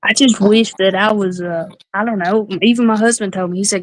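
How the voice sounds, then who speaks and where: A woman's voice: mid-range voice, steady tone, brisk, hardly any pauses, no echo. A woman, a guest on a casual livestream, talking candidly and confiding about her family.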